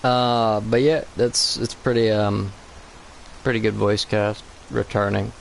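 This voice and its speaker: A man's voice: lowish voice, flat delivery, takes it slowly, gravelly, slight background noise, low-quality recording. A man co-hosting a gaming channel, talking in a loose, rambling, profane way about a cartoon movie. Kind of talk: casual gaming commentary.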